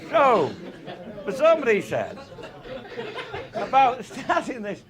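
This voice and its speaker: A man's voice: extremely high pitch, wildly swooping pitch, slow, crowd noise. A middle-aged man, telling comic stories to a live audience in an earthy, swearing manner and chuckling along. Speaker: raconteur.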